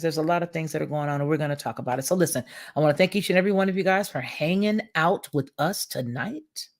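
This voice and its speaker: A woman hosting a livestream commentary, speaking in with an emphatic, preachy, repetitive manner. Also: lowish voice. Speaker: commentary channel host.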